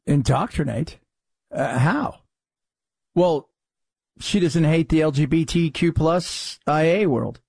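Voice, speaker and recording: A man's voice: a little high, slow, gravelly, pauses often, darkish tone, husky, no echo. A man hosting a commentary show, talking in a sarcastic, exasperated way. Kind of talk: opinionated commentary.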